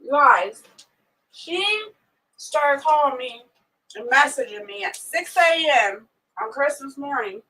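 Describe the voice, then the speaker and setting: High, bright-voiced chatty woman streamer. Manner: chatty and outspoken, quick to vent. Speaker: homestead live-streamer. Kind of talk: casual live-stream chat with viewers. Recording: voice a bit distant from the mic.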